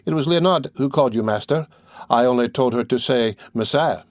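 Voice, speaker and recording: A man's voice: mid-range voice, a little fast, dry recording, studio quality, close to an everyday voice. A man voicing a bold, eager young woman in a storybook reading. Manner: eager, pert.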